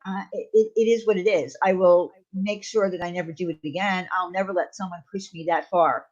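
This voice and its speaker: A woman's voice: on the low side, steady tone, a little fast, a little mellow, highs cut off. A woman hosting a casual live-stream chat, talking earnestly and reflectively, with plenty of ums and you-knows. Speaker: channel host.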